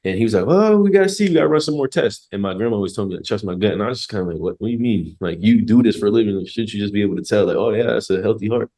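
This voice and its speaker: Deep-voiced young man telling a story fast. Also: fairly even intonation, dark tone. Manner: laid-back, joking, slangy, swears freely. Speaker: podcast guest, former college football player. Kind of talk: casual storytelling.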